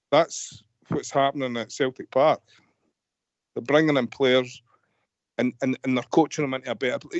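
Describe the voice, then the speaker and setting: A man's voice: mid-range voice, dry recording. Scottish man, frustrated and rambling, dry muffled phone-in sound. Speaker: caller. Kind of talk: fan radio phone-in chat.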